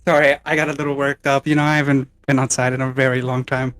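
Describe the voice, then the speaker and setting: A man's voice: medium pitch, little pitch movement, fast talker, a bit bright, clear, resonant tone. A man playing in a tabletop game, joking dryly and rambling. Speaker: player.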